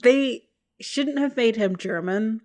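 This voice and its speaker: A woman's voice: a little high, takes it slowly, a little mellow. A young woman co-hosting a podcast, chatting casually with lots of fillers and laughs. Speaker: podcast co-host. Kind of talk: casual chat.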